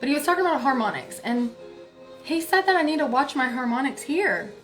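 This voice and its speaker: Woman spiritual reader, higher voice, loose chatty storyteller. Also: animated, fairly quick, music in the background. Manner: chatty, many filler words, soft laughs. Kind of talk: casual storytelling to viewers.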